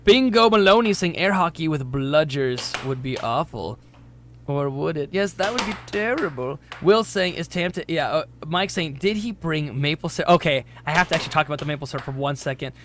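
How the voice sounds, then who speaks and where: A man's voice: on the high side, lively intonation, fairly quick. A man doing casual play-by-play commentary for an air hockey livestream, reading out chat messages and laughing easily. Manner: chatty, reads chat aloud, laughs easily. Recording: noisy room.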